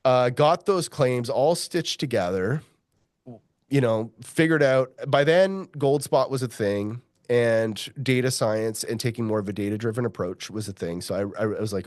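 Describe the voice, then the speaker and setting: A middle-aged mining geologist, appearing as a guest in a storytelling interview, spins tales in a profane, animated style and keeps slipping into the voices of the people he quotes. His pitch is ordinary and his pace moderate, and the recording is dry and close, with no room sound.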